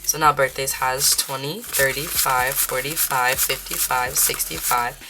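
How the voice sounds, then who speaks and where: A woman's voice: a bass voice, fairly even intonation, a little slow, heavy background noise. A young woman vlogging about her budget in a chatty, casual way, counting bills aloud and mixing in Spanish phrases. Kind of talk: casual chat while counting cash.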